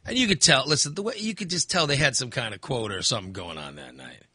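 A man's voice: mid-range voice, lively intonation, fast talker, pushed and bright, slightly rough, no echo. A man casually telling a long story in a chat, acting out the voices of people he met and swearing freely.

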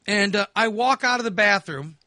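A man's voice: high voice, moderate pace, bright, forceful tone, no room sound, clean studio sound. A man hosting a podcast, telling stories in casual chat with laughs and voiced asides. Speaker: podcast host.

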